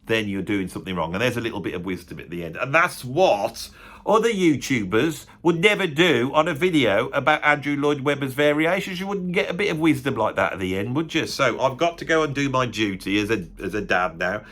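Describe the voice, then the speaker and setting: A man's voice: medium pitch, very animated, fairly quick, fairly bright tone. A middle-aged man with a West Midlands English accent talks straight to camera in a loose, wandering vlog monologue. He pokes fun at himself and keeps tossing rhetorical tag questions at his viewers. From West Midlands, England. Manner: self-deprecating, chatty, rhetorical tag questions. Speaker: music critic YouTuber and drummer. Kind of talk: rambling casual monologue to camera.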